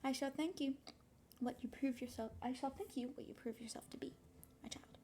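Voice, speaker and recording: A kindly, dignified schoolmistress, voiced by a woman reading aloud speaking gently in a storybook reading. The voice is a little high, with faint background noise. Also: brisk, lightly acted. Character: kind stately woman school superintendent.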